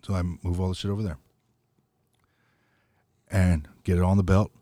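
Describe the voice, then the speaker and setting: A man with a deep, low voice chatting on a podcast and telling a story. He acts out the quotes with lively energy and swears freely. The sound is close and dry, with no room echo. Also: normal speed. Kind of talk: casual chat.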